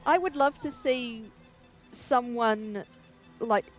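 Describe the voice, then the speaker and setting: A woman's voice: fairly high pitch, slow, faint music behind. Chatty woman with laughing asides. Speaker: streamer. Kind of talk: casual chat.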